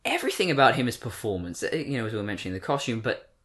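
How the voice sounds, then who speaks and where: A man's voice: mid-range voice, sing-song, rapid-fire, a bit bright. A man in his twenties with an English accent, talking in casual discussion, rambling with many fillers and self-corrections. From born in Britain, raised in Australia. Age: 20s. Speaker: podcast co-host.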